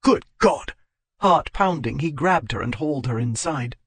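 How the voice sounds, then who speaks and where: A man narrating a historical romance audiobook in a steady, measured reading. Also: mid-range voice, a little hiss or hum.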